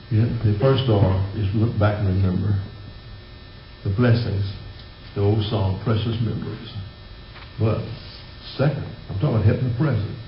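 A man's voice: lowish voice, slight background noise. An older man preaching a sermon to his congregation in a folksy, chuckling way. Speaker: pastor. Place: church sanctuary. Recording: roomy, slightly dull church recording.

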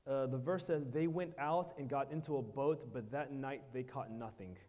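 A man's voice: mid-range voice, darkish tone. Man preaching in short bursts, in a reverberant hall. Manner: pauses in short phrases for interpreter. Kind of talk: sermon with live interpretation.

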